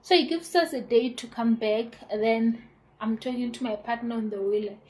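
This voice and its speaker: A woman's voice: on the high side, moderate pace, poor audio. A South African woman in her twenties, telling her pregnancy story casually to camera, acting out the conversations she retells. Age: 20s. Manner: animated retelling with quoted dialogue and laughter. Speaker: YouTuber.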